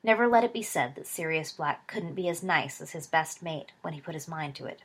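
A woman reading a story aloud as narrator, steady, dropping low and soft for dialogue tags. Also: a little fast, breathy edge. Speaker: reader.

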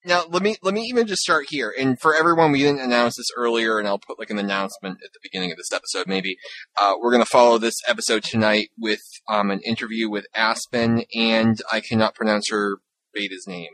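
A woman hosting a podcast in casual chat, chatty and quick to laugh. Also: rumbling low, dry recording, poor audio. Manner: laughs often, lively and chatty. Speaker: podcast host.

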